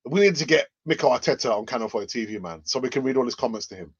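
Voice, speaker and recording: A man hosts a live fan stream and reads viewer comments aloud. He talks at a mid pitch in a rambling, hesitant way, restarting phrases and chuckling often. The audio is dull and lo-fi. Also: animated, fast, husky, no echo. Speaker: fan channel host.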